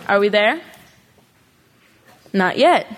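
A woman's voice: mid-range voice, animated, slow. A woman giving an earnest sermon to a congregation, pressing her listeners with rhetorical questions. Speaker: congregation speaker. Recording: long hall reverb.

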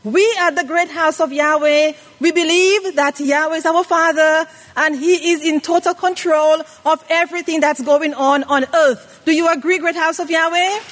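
A woman's voice: sits high, steady tone, moderate pace, hardly any pauses, a bit bright. A woman preaching a sermon to a congregation, calling out questions for them to answer. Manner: call-and-response, asks the congregation questions. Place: worship hall. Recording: reverberant worship hall.

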